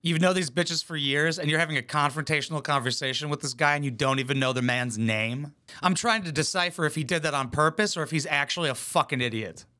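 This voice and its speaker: A man's voice: on the high side, fast, few pauses, sharp tone. A man hosting a reaction video, giving blunt, mocking commentary full of swearing. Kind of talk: profane sarcastic commentary.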